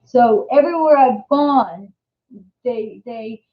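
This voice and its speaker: A woman's voice: a little high, slow pace. An older woman with a New Jersey accent hosting a casual live-stream chat, rambling and chatty with many restarts. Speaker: host. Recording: echoey room, dull lo-fi sound.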